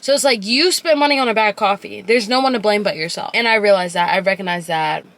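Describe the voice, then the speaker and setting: A woman's voice: medium pitch, fast talker, a bit bright. A young woman in her twenties chatting casually to her vlog camera, filling her talk with "like.". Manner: chatty, lots of filler "like". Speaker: vlogger.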